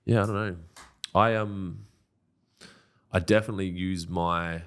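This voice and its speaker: A man's voice: low voice, steady tone, measured pace, a bit bright, clear, resonant tone. A man co-hosting a casual podcast, joking and swearing freely. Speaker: podcast co-host. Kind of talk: casual banter.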